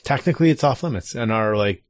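A middle-aged man chatting casually as an assistant youth soccer coach, talking in halting bursts with many restarts. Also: medium pitch, animated, no room sound. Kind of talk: casual chat.

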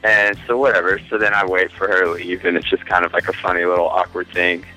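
A man with a bright, forceful voice that sits on the low side, telling a rambling story in casual chat. He is crude and loose and laughs through his own lines. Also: level tone, fast talker, faint music behind, low-quality recording. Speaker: podcast guest.

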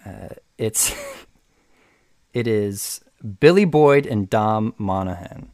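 A man's voice: lowish voice, sing-song, very slow, a little mellow, no room sound, studio quality. A young man co-hosting a podcast, chatting casually and rambling with frequent restarts. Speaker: podcast co-host. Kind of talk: casual chat.

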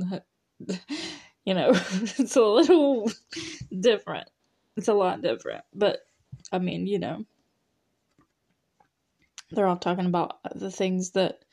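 A woman's voice: fairly low pitch, a little mellow. A young woman hosting a podcast, recapping a show in a rambling, casual way with many fillers and laughs. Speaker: podcast host.

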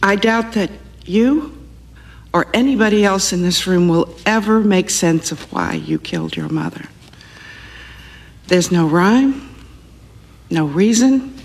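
A severe female judge in a TV courtroom drama delivers measured, unyielding pronouncements. Her voice is husky and low on breath. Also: lively intonation. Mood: stern.

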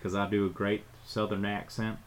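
A man's voice: fairly low pitch, level tone, moderate pace, slight background noise, low-quality recording. A man co-hosting a wrestling podcast, rambling in a laid-back, playful way. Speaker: podcast co-host. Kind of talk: casual chat.

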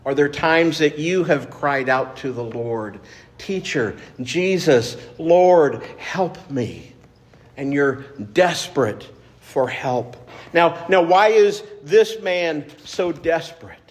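A man preaching a sermon as pastor, earnest and measured, repeating phrases for emphasis. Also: a little high, animated.

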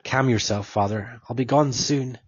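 A quiet, resolute young prisoner who will not give way, read out by a man. The voice is husky and sits close and dry, on a dull recording. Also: medium pitch, moderate pace, no echo, natural voice. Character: calm, defiant young Christian man prisoner.

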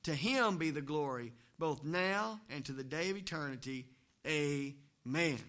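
A man's voice: on the high side, lively intonation, a little slow, a bit bright. A male pastor, preaching a sermon in a folksy, conversational way with joking asides in a church. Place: church, also livestreamed.

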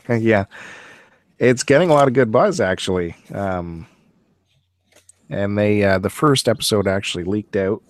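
A man hosts a casual podcast, teasing his co-host and laughing often. His voice sits low and the sound is dry and close. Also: measured pace, pauses often, no echo. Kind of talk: casual chat.

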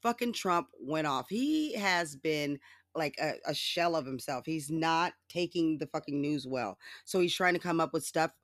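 A podcast host in a loose, sarcastic solo rant, cursing freely and laughing at their own jokes. The voice sits in a middle register and swoops high when mimicking others. The sound is close and dry, with no room around it. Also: animated, moderate pace, fairly bright tone, dry recording. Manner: sarcastic, profane and mocking. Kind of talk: casual solo political rant.

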